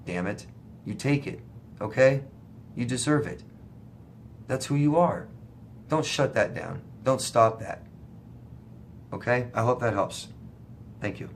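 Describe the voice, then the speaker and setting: A man talks straight to camera as a life coach, reading viewer questions and answering them bluntly. His voice sits at an ordinary middle pitch, and he leans hard on his points, sometimes with a curse. A faint hiss of background noise runs under the recording. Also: expressive, slow, long pauses. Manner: blunt, emphatic, swears for emphasis; reads viewer questions aloud then answers. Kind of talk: casual direct-to-camera advice.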